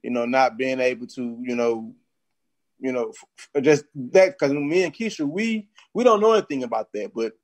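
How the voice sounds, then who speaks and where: A man's voice: medium pitch, moderate pace. Laid-back male co-host asking questions. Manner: relaxed, loose questions with fillers. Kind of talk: casual interview chat.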